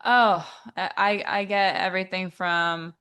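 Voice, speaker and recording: A woman singer as an interview guest, talking thoughtfully with many pauses and fillers. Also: medium pitch, steady tone, pushed and bright, smooth. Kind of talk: casual interview chat.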